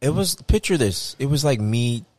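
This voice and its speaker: A man's voice: medium pitch, expressive, moderate pace, darkish tone, dry recording. A man in his thirties co-hosting a podcast, telling stories in casual chat and mimicking people in raised voices. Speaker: podcast co-host.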